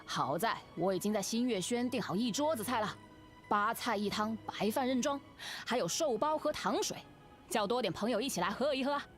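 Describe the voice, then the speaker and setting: An actress plays a bubbly young game heroine who speaks in a raised, fairly high voice. She is chatty and teasing, and generous in how she talks. Soft music plays faintly underneath her. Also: lively intonation, a little fast, close to an everyday voice. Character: cheerful young woman inviting a friend to a birthday feast. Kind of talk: game character dialogue.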